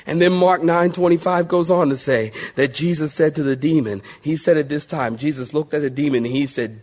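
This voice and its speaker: A pastor preaching a sermon in a folksy, animated way, calling on the congregation to answer back. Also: male voice, a little high, brisk, hardly any pauses.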